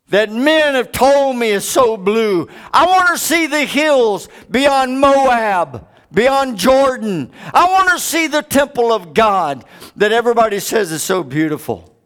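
A man's voice: very high voice, very animated, slow pace, fairly bright tone, voice pushed up, exaggerated voice. A man voicing a blind male beggar, pleading earnestly to have his sight restored. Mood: yearning.

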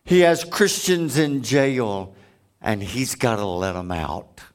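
A man's voice: medium pitch, very animated, slow pace. A man preaching a sermon, telling stories with emphatic, earnest delivery. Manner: emphatic storytelling.

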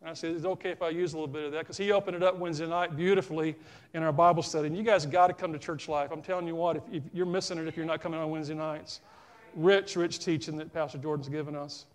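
Brief: middle-aged Southern male pastor, high voice, chatty sermon delivery. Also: steady tone, quick pace. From South Carolina, US. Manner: folksy, talks straight to the congregation.

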